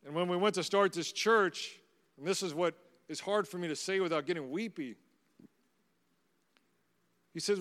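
A middle-aged pastor speaks at normal speed in a high-pitched voice, leaving long pauses. He tells personal stories in a conversational, anecdotal sermon full of warm humor, recorded in a large hall with long reverb.

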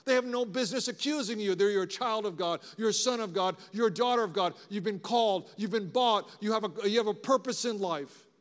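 A man preaching a sermon, animated and conversational, asking the congregation rhetorical questions. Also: high-pitched, brisk, few pauses, long reverb tail. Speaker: pastor.

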